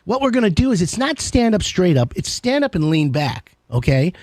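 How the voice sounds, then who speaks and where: A man's high-pitched, sing-song voice, a little mellow, moves at a moderate pace with clean studio sound and no room sound. As host of a live home-services call-in show, he chats casually with jokey, rambling asides.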